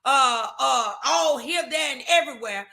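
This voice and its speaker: A woman's voice: high-pitched, expressive, unhurried, vocal fry, over a noisy crowd. A woman co-hosting a podcast, giving emphatic faith-based advice, repeating her phrases. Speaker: podcast co-host.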